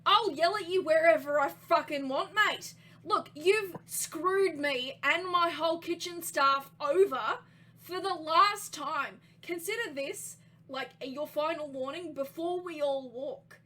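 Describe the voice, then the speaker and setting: A woman voicing an angry, burly lion-folk male ship's chef with an Australian accent, loud and swearing. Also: high voice, normal speed. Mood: angry ranting.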